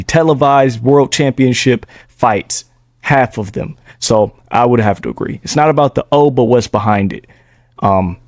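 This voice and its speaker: A young man with a low voice making his case in a laid-back sports podcast. He speaks at a measured pace, drops casual slang, and sounds dry and close with no room echo. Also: a little mellow. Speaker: podcast co-host.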